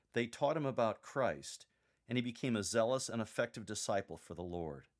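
A man giving calm, measured coaching on how to read a scripture passage aloud, demonstrating the readings himself. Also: lowish voice. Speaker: lector coach.

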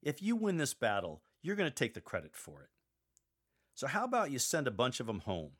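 A man's voice: medium pitch, wildly swooping pitch, a little fast, a bit bright, breathy edge, full character voice. A man voicing God as a casual, wry figure talking plainly. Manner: offhand, conversational.

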